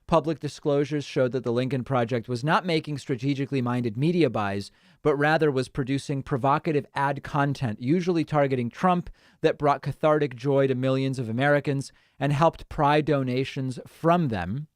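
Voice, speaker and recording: A man hosting a live political talk stream in a relaxed, offhand way. He reads viewer messages and news pieces aloud, then muses about them with wry little asides. His voice is close and dry, with no room sound around it. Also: medium pitch, normal speed, no room sound. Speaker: political talk show host. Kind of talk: casual live-stream commentary, reading chat and articles aloud.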